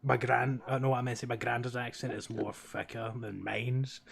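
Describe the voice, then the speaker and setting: A man's voice: mid-range voice, little pitch movement, a little fast, gravelly, breathy edge. A man with a thick Glasgow accent, telling a story in a casual gaming chat and laughing often. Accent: Glaswegian. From Scotland. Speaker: streamer.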